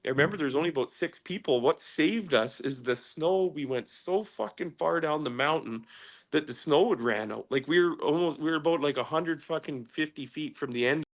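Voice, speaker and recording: A man's voice: fairly high pitch, normal speed. Profane man telling a wild story. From British Columbia, Canada. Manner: profane, animated, acts out sounds and quotes. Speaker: podcast guest. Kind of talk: casual storytelling.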